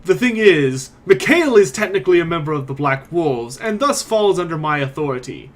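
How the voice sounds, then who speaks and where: A man voicing a gruff, blunt male mercenary captain who commands in a tabletop game. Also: a little high, sing-song, moderate pace.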